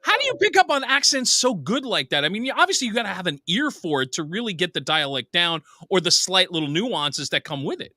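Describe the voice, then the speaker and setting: Bright, lively high-voiced man host. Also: a little fast, hardly any pauses, dry recording, clean studio sound. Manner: enthusiastic, complimentary questioner. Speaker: podcast host. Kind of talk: casual interview chat.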